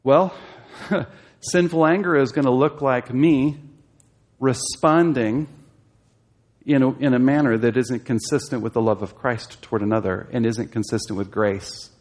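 A man's voice: medium pitch, a little slow, darkish tone. A man teaching a Bible study class, explaining a passage and asking his listeners questions, growing emphatic as he exhorts.

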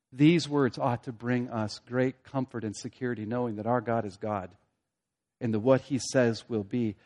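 Emphatic preacher man, loud then hushed. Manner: swings between loud emphatic peaks and hushed low asides; rhetorical questions and repeated phrases for emphasis. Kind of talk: expository sermon.

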